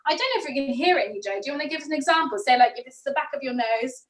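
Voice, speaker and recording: A British woman leading a drama workshop, encouraging and playful as she guides a vocal warm-up. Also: sits high, rapid-fire, hardly any pauses, distant mic. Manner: encouraging, playful, demonstrates voices. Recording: roomy sound, a bit off-mic.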